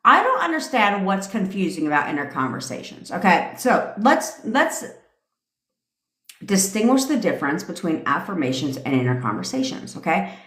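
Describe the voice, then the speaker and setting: A woman's voice: fairly low pitch, big pitch swings, normal speed, a bit bright, reverberant. A woman hosting a casual live stream as a manifestation coach, ranting in a brash, profane way and laughing through her tangents.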